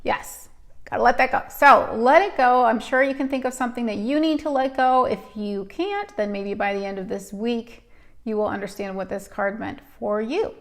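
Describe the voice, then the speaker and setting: Gravelly-voiced teary woman reading cards. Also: on the high side, normal speed. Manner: emotional, tearful and laughing, chatty. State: teary, sniffly. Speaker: live stream host giving card readings. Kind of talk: casual live-stream card reading.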